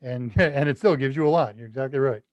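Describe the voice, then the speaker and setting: A man's voice: mid-range voice, quick pace, darkish tone, dry recording, highs cut off. A man from the United States hosting a casual live Q&A stream, chatty and self-deprecating, reading out viewer comments and laughing at his own jokes. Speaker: livestream Q&A host.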